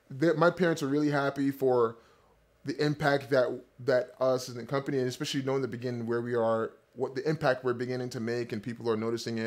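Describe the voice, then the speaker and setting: A man in his thirties, a company founder, eagerly telling a rambling personal story straight to his viewers. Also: medium pitch. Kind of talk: casual storytelling to camera.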